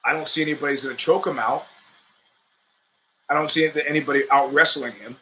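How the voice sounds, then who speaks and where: On his own show, a male host rambles through his fight picks in a profane, streetwise, opinionated monologue, often restarting sentences partway. His voice is a little high and fairly flat in intonation, with a sharp tone and a slightly quick pace. He pauses often, and the audio is poor.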